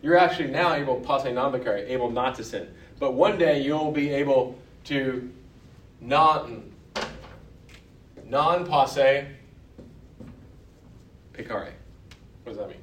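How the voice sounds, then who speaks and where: A man teaching a church Bible course to a class. He talks conversationally, poses questions to the room and fills pauses with ums and restarts. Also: medium pitch, a bit bright, slight background noise.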